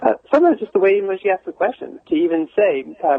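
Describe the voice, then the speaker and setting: A man appearing as an expert guest on a radio show, explaining calmly and acting out example phrasings. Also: high voice, fast talker, gravelly, husky, no echo. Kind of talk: radio phone interview. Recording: phone line.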